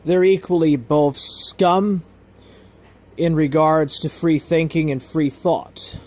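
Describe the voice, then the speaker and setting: A man hosting a livestream, rambling through a monologue and reading out chat messages, repeating himself and drifting between loud and muttered. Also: a little high, fairly even intonation, takes it slowly. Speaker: livestream host.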